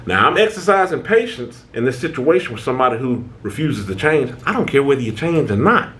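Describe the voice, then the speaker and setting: Speaking a little fast with few pauses, this man has a medium-pitched, sing-song voice with a slight brightness. He hosts a self-help channel, lecturing in a loose American conversational style, restarting with stammers and repeatedly asking "right?"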